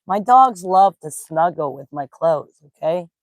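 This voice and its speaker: A woman's voice: lowish voice, lively intonation, a little slow, no echo. A woman at home on the couch, chatting casually on camera and cooing affectionately at her dogs in baby talk. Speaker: spiritual teacher and vlogger.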